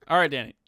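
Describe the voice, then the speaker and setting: A man's voice: sharp tone, a little hiss or hum. A man co-hosting a podcast in casual chat, teasing the others with crude jokes. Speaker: podcast co-host.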